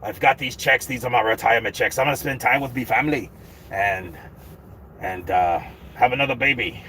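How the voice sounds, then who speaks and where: A man's voice: mid-range voice, brisk, bright, forceful tone, a little hiss or hum, close to an everyday voice. A man putting on the voice of a proud, boastful heavyweight boxer, speaking with swagger and self-assurance. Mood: musing.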